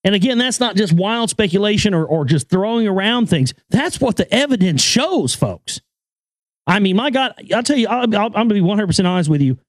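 A man with a fairly high voice talks straight to his listeners in a loose, casual monologue. He leans hard on his points with crude language and stacked repetitions. The recording is dry, with no room sound. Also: sing-song, a little fast, no room sound. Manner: emphatic, profane, repeats words. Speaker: podcast host and filmmaker.

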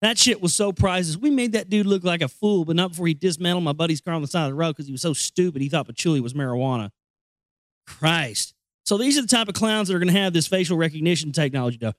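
Male host, rambling sarcastic news rant full of swearing, pitched high, dead-dry sound. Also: expressive, fast talker, a bit bright, no room sound. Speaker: show host. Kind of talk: ranting commentary on news stories.

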